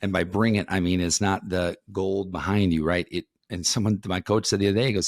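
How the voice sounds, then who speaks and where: Candid male podcast host, lowish voice, close dry sound, loose conversational delivery. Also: steady tone, a little fast, few pauses, dry recording. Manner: frank, rambling, swears casually. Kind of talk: casual conversational interview.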